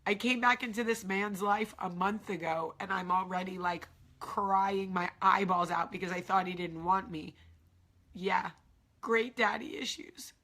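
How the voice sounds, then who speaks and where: A woman in her forties hosts a confessional vlog, speaking candidly and tearfully, repeating herself and slipping into whispered asides in this raw, emotional talk. Her mid-range voice is steady, measured in pace, and fairly bright.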